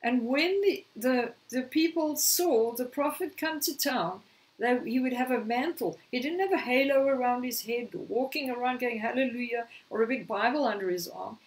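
High-voiced woman preaching, a little hoarse. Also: moderate pace, far from the mic, low-quality recording. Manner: storytelling, acting out quoted lines. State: slightly hoarse, clearing throat. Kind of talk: sermon.

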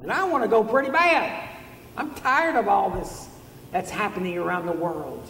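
High-voiced preacher in a roomy church. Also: male voice, moderate pace, vocal fry, bright, forceful tone, far from the mic, a little hiss or hum. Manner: earnest storytelling preacher. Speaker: pastor. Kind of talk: sermon. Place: church sanctuary. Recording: roomy hall from afar.

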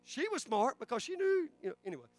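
A man's voice: very high-pitched, sing-song, fast, no echo, faint music behind. A man, preaching a sermon in a church with fervent delivery and frequent restarts. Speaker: pastor. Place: church sanctuary.

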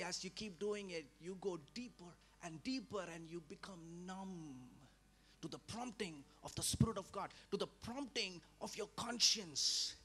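A man preaching a sermon as a pastor, swinging between loud emphatic lines and hushed, low drops. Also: moderate pace, slightly rough. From India.

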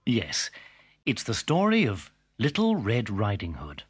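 A man reading a children's story aloud in a gentle, expressive narration. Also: fairly low pitch, measured pace. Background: background music.

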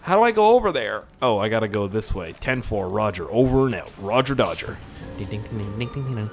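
Young male gamer, let's play commentary, goofy rambling delivery, swings high and low. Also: very animated, a little fast, soft background music. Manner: rambling, joking, swears a lot. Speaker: gaming YouTuber.

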